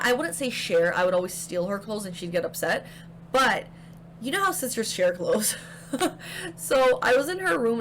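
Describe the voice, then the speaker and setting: A woman's voice: mid-range voice, slight background noise. A young woman casually recounting her haunted house experiences to camera, chatty and full of fillers. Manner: chatty, filler-heavy, animated retelling. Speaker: paranormal storyteller.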